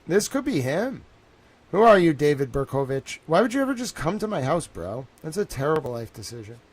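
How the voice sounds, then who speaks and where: Young male streamer talking from home, rambling and worked up, a touch high-pitched. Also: a little fast, husky. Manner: excitable, repeats himself, says "bro" and "like" a lot. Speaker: live streamer. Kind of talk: rambling live stream monologue.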